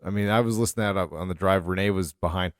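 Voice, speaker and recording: A middle-aged man with a fairly low voice co-hosts a podcast, rambling through stories with plenty of fillers and restarts. The sound is dry and close, with no room around it. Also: fast, no echo. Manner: rambling, animated storyteller with many fillers. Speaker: podcast co-host. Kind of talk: casual chat.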